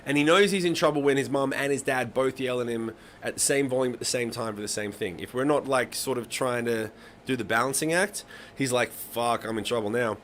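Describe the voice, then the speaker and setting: A man in his thirties talks casually on a live stream, his voice sitting at an ordinary middle pitch. He rambles through stories, swears freely, and laughs along. A faint hum of the room sits behind him. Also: brisk, a bit bright. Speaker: live-stream songwriting host. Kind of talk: casual chat to a live audience.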